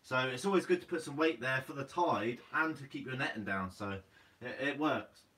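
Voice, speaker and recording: Laid-back young Guernsey man, bright voice. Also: mid-range voice, moderate pace, distant mic, poor audio. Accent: Guernsey English. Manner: laid-back, says "mate" a lot. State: sleepy. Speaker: fishing channel host. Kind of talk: casual live Q&A reading comments.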